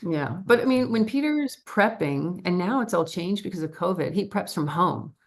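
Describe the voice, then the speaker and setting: A middle-aged actress chatting as a guest in a casual interview, telling stories in a lively, talkative way. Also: female voice, lowish voice, moderate pace. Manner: chatty, animated storyteller with laughs.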